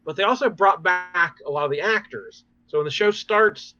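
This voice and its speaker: A man hosting a podcast, recapping TV episodes in an animated, rambling way with many fillers. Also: sits high, normal speed, no room sound, muffled recording, faint music behind. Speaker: podcast host. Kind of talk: casual chat recapping TV episodes.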